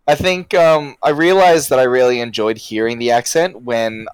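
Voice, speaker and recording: A man's voice: mid-range voice, fairly even intonation, moderate pace, clean tone, dry recording. A man from Australia, chatting casually and animatedly, full of fillers like "like" and restarts. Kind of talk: casual chat.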